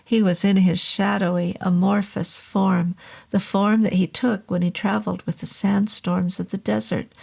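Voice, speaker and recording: Woman, horror audiobook narration, slow, measured, gravelly. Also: mid-range voice, darkish tone.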